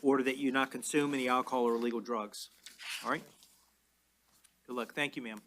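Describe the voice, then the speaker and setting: A man presiding as judge in a courtroom, explaining orders in a measured, plain way. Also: mid-range voice, steady tone, a bit bright. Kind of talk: courtroom proceedings.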